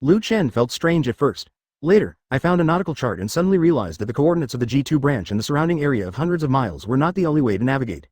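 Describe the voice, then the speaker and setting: A computer-generated male voice narrating an audio story, quick and lively in pitch. The reading is even and mechanical, with occasional odd misreadings, and the sound is dry and close. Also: dry recording.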